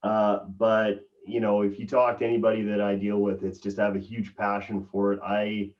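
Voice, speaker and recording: A man's voice: fairly low pitch, monotone, moderate pace. Earnest man on a muffled distant call. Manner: enthusiastic, earnest. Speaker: guest. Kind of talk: casual chat. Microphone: video call.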